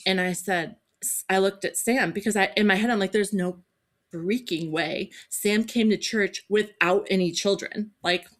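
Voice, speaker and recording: A podcast host in her thirties tells a story during casual chat, acting out the voices of the people involved. Her voice sits at a medium pitch and moves at a normal speed, and her delivery is animated.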